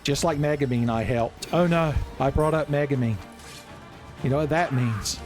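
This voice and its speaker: A man giving loud, profane, joking commentary while playing a video game. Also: medium pitch, moderate pace. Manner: loud, profane, jokey, yelling at enemies. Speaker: gaming streamer. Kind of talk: casual gameplay commentary. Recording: gameplay music behind voice.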